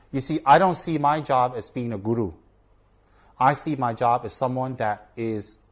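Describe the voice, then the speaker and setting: Brief male Buddhist teacher, casual earnest teaching talk, medium pitch. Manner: earnest, repeats for emphasis, asks "okay?". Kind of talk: informal teaching talk to camera.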